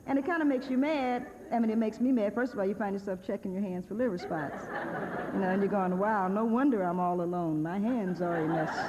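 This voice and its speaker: A woman's voice: fairly low pitch, mellow, a little hiss or hum. A woman giving a humorous lecture from a podium at a university, wry and sardonic in a conversational way, often breaking into laughter. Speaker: guest speaker at a university. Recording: archival lecture recording with long hall reverb, dull and lo-fi.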